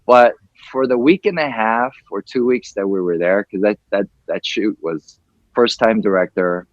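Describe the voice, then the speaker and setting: A man's voice: on the low side, moderate pace, no echo, dull audio. A man in his forties hosting a podcast over a video call, telling a long, rambling story and acting out the quoted lines. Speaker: podcast host.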